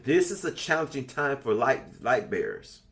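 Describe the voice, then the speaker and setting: A man's voice: medium pitch, sing-song, moderate pace, vocal fry, a bit bright. A man in his sixties leading an online spiritual class, talking casually and bluntly, swearing freely as he tells stories. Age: 60s. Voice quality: blunt, profane, storytelling. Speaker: class leader.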